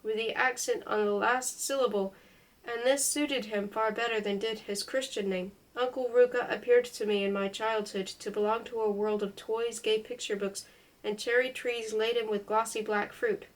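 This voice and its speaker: A woman with a somewhat high voice reads a memoir aloud at an unhurried pace. Her delivery is careful and measured, and she stumbles now and then over unfamiliar foreign names. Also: steady tone, low-quality recording. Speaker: reader. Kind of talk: unhurried audiobook-style reading of a memoir.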